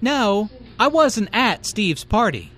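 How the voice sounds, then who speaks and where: A man reading a friendly adult in a scripted dialogue for English learners, with clear, polite delivery. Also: high-pitched, big pitch swings, slow pace, fairly bright tone, exaggerated voice. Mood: casual.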